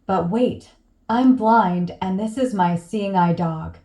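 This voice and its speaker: A man's voice: sits high, slow pace, warm tone. A woman voicing a sly man who schemes to sneak his dog into a bar, eager and confident. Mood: scheming.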